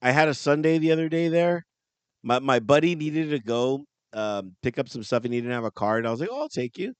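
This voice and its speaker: A man co-hosting a podcast in casual chat, often laughing and acting out lively quotes as he tells stories. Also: mid-range voice, a little fast, clear, resonant tone, no echo. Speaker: podcast co-host.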